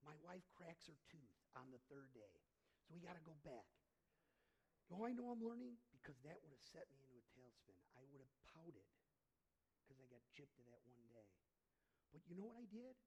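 Middle-aged pastor guy preaching, super lively up and down pitch, chatty storytelling, quiet then loud. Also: a little fast, slightly rough, poor audio. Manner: conversational preaching with personal stories, swinging from hushed to loud. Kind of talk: sermon.

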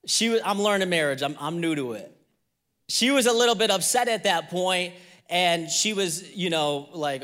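A young man delivers a sermon, with a high, bright and forceful voice. He shares a candid personal story in a conversational way. Then he rises into emphatic preaching. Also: expressive, moderate pace, big-room sound. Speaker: pastor.

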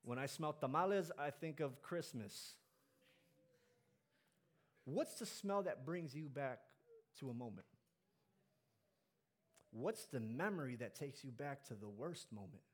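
A man preaching a sermon, climbing to loud emphatic peaks and dropping low and soft on key lines. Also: animated, unhurried, long pauses.

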